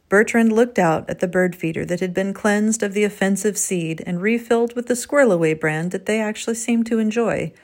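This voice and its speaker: A woman with a fairly low voice reads a gentle storybook tale aloud. Her narration is measured and expressive. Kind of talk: scripted storytelling.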